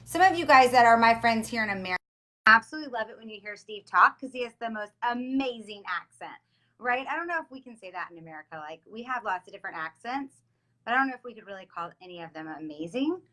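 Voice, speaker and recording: A woman hosting a live video stream, upbeat and gushing, often saying how excited she is, talking over a video call from home. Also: fairly high pitch, quick pace. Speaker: host. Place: home in South Florida.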